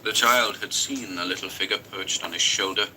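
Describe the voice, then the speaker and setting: A man with a fairly low voice reads a horror story aloud in an intense, dramatic way. His narration carries a clear hiss of background noise. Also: normal speed. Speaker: story reader.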